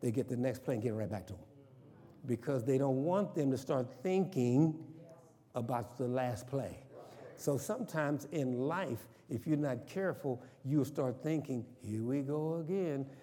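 Older pastor, mellow timbre, call-and-response sermon, long church reverb. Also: male voice, mid-range voice, measured pace. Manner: call-and-response, asks congregation questions. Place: church sanctuary.

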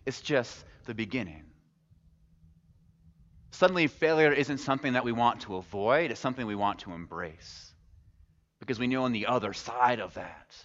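A man's voice: fairly low pitch, a bit bright. A man preaching a sermon as a pastor, speaking in a conversational way, posing rhetorical questions and slipping in casual humor. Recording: echoey hall, muffled sound.

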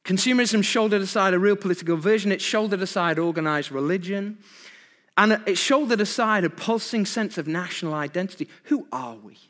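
A man's voice: sits high, a little fast, fairly bright tone, in a large hall. A man preaching an evening sermon, asking his congregation rhetorical questions with emphasis. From Britain.

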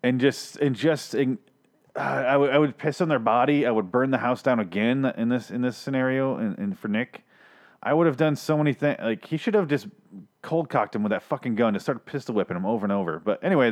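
A man's voice: mid-range voice, fast talker. A man hosting a casual TV review podcast, rambling, sarcastic and profane, often interrupting himself. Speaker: podcast host reviewing TV episodes.

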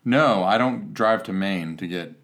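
Low-voiced male podcast host, dry and grumbly, casual swearing. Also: a little slow, fairly bright tone. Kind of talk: casual chat.

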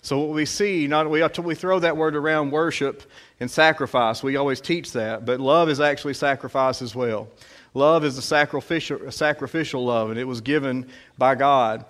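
A man preaching a casual, conversational sermon, pausing often with fillers as he reads scripture and prays. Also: medium pitch, fairly bright tone. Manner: conversational, halting, many fillers.

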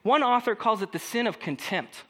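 Male pastor, lively high voice, casual conversational preaching. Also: moderate pace. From California. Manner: conversational, animated, acts out quoted voices. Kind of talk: sermon.

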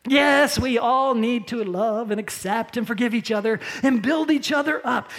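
A pastor preaching a sermon in a conversational way, using props and slowing down for emphasis. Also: mid-range voice, a bit bright.

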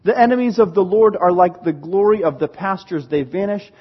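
A man preaches in a high, husky voice, animated and quick to laugh as he acts out the lines he quotes. The recording is dull and lo-fi. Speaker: pastor. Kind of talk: sermon.

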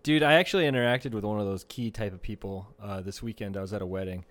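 A man's voice: on the low side, fast, fairly bright tone. A young man co-hosting a casual comedy podcast, swearing freely, laughing often and acting out the people in his stories. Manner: profane, laughing storyteller, acts out quotes. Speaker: podcast co-host.

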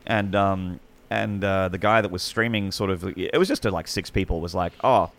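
A man's voice: deep voice, moderate pace, a bit bright. A man in his thirties with an Australian accent, an esports commentator telling his story in a casual podcast chat, rambling with many restarts and fillers.

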